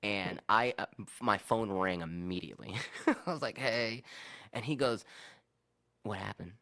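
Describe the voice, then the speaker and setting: Profane, animated man telling stories. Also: lowish voice, normal speed. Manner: animated, profane, acts out both sides of arguments. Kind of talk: casual storytelling chat.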